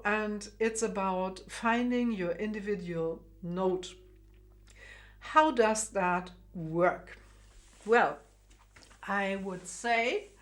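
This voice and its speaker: A woman from Germany with a German accent, a harp teacher giving a gentle video lesson with many pauses and fillers. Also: medium pitch. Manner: gentle, unhurried, many ums, laughs lightly. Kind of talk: video lesson with guided relaxation.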